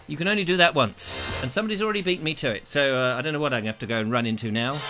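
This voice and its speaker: A man's voice: mid-range voice, very fast, over music. A British man hosting a comic live-stream chat, jokey and theatrical, slipping into silly voices and puns while greeting viewers on a lavalier mic. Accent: British English. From England. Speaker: live show host.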